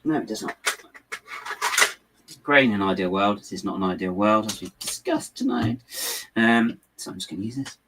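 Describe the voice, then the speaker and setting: A man's voice: lowish voice, fairly quick, pauses often, heavy background noise. A man with a rambling, self-mocking way of talking, chatting casually and chuckling while he builds LEGO and answers viewers. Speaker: LEGO builder and channel host.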